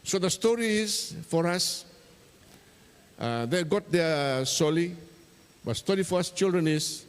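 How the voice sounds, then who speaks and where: A man's voice: high voice, lively intonation, measured pace, long pauses, smooth, long reverb tail. A man, a pastor telling a children's story in church and voicing its characters. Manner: gentle storytelling with voiced characters.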